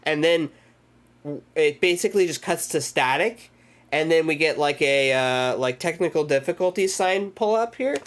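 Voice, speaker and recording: A man's voice: a little high, lively intonation, moderate pace. Rambling, profane man recapping a movie. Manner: rambling, profane, loose retelling with acted-out quotes. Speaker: streamer hosting a movie club. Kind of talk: casual livestream movie recap.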